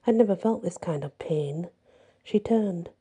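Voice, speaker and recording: A woman narrating a first-person horror story in a plain, measured storytelling manner. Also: lowish voice, mellow, slightly rough.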